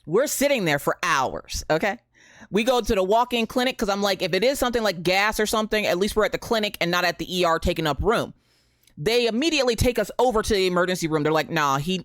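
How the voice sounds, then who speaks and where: In a clean, dry studio recording, a deep-voiced woman in her thirties chats casually on a live stream. She's animated, greets viewers by name and tells a story, dropping a Southern "y'all" along the way.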